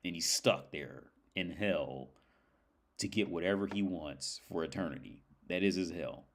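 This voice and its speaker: Low-voiced guy chatting on his stream, rambly and sweary, says um a lot. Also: animated, unhurried. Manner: rambling, profane, many fillers. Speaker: livestream host. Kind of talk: casual livestream chat.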